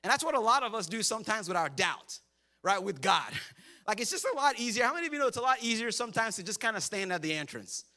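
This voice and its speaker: A man in his thirties delivers a sermon with a high, bright voice. He preaches like a storyteller, cracking jokes, laughing often and acting out the lines of the people in the story. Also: big pitch swings, quick pace. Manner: joking storyteller, acts out quotes. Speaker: pastor.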